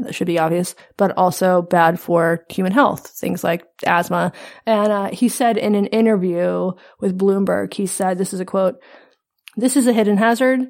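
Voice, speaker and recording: A woman co-hosting a podcast in casual chat, with a deadpan, sarcastic delivery. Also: mid-range voice. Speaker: podcast co-host.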